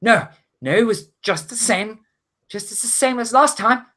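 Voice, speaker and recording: Man doing a scared young female deckhand, very high and shouty, panicked. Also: slow, exaggerated voice. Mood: frightened.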